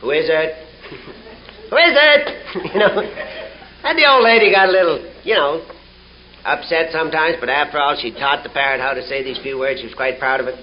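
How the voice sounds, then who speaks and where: A man's voice: a little high, fairly quick, slight background noise. A man speaking at a recovery meeting, telling folksy jokes and laughing along with them, on a dull 1970 tape. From Canada. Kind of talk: humorous storytelling talk.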